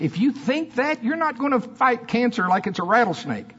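A man preaching a sermon in church with fiery emphasis that drops into soft asides. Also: high-pitched, sing-song, moderate pace, husky, dull audio.

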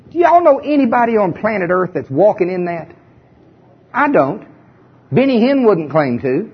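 Male preacher, high husky voice, chatty but emphatic sermon, dull lo-fi recording. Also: sing-song, moderate pace. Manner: conversational, emphatic, asks the audience questions.

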